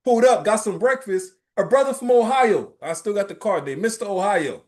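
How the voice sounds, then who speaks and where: A man teaching a religious class in an informal, emphatic preaching style, often checking in with "right?" and telling lively, streetwise stories. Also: high voice, fairly quick. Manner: emphatic, keeps asking "right?".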